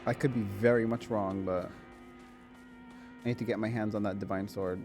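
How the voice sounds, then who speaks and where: Chatty, excitable male game streamer. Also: fairly low pitch, moderate pace, soft background music. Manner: chatty and excitable, swears and laughs often. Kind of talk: casual gameplay commentary.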